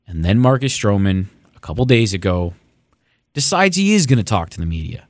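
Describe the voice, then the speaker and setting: A man's voice: fairly low pitch, very animated, fairly quick, no echo, clean studio sound. A young man co-hosting a sports podcast, ranting sarcastically and swearing as he builds up heat. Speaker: podcast co-host. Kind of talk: casual sports podcast rant.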